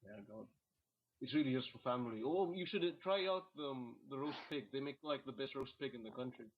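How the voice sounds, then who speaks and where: A man's voice: mid-range voice, brisk, slight background noise. Hesitant man on a dull line. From Philippines. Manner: hesitant, many ums and likes. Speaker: guest. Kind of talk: casual chat. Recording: dull lo-fi call audio.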